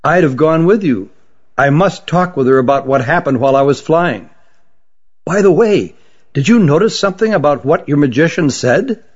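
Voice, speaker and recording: A man's voice: fairly high pitch, animated, normal speed, breathy edge. An eager young male Shillito who talks persuasively, played by a man. His voice is a little raised. The recording is dull and lo-fi.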